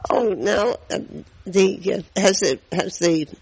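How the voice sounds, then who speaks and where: A man co-hosting a chat, asking halting questions full of fillers. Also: sits high, slightly rough, no echo, poor audio. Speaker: radio co-host. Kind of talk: casual interview chat.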